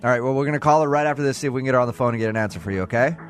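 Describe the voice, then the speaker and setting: A man's voice: medium pitch, rapid-fire, faint music behind. A man hosting a morning radio show, joking and teasing his callers.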